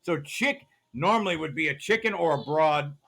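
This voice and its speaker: Male vlogger, gravelly and forceful, ranting and conspiratorial, filmed on a phone in store aisles. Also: a little high, moderate pace. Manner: ranting, conspiratorial, repeats "see how that works". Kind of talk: ranting shopping vlog.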